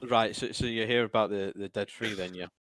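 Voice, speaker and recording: A man narrating a tabletop game as game master, halting and swearing freely. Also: fairly low pitch, fairly even intonation, a bit bright, no room sound, low-quality recording.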